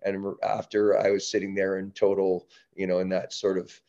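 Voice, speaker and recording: A man from Canada with a somewhat low voice talks as a podcast guest, telling a personal story. He restarts his sentences often and acts out what people said. The recording sounds a little dull and lo-fi. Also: normal speed. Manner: animated storyteller, many restarts, acts out quotes. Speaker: podcast guest, breath-work company founder. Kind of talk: casual interview storytelling.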